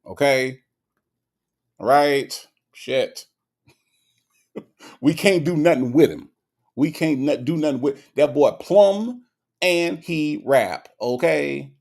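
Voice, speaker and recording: Gravelly-voiced man riffing for his stream. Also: fairly high pitch, slow pace, pauses often. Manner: animated, repetitive, laughing asides. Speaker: livestream host reading chat. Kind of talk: casual comedic commentary.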